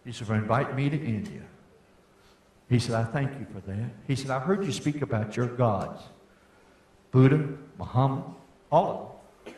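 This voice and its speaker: An older man giving a folksy testimony sermon, rising to fervent shouts. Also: mid-range voice, moderate pace, long pauses. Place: church meeting hall. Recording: echoey hall.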